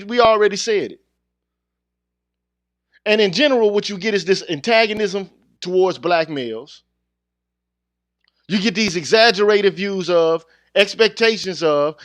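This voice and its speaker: A channel host with a high, slightly bright voice and no echo rants bluntly in street slang. His casual monologue to viewers is heated and confrontational.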